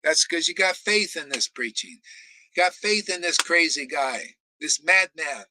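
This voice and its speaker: A man's voice: a little high, expressive, measured pace, noisy background. A man preaching a blunt, combative sermon, swearing for emphasis and laughing between remarks. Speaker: spiritual teacher. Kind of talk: ranting sermon.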